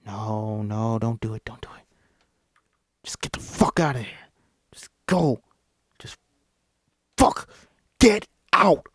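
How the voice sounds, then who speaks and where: A man reading a script aloud and voicing a terrified young man fleeing in a car, who whispers in panic and then shouts. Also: lowish voice, completely flat delivery, extremely slow, pauses often, no room sound, clean studio sound, voice pushed down. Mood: panicked.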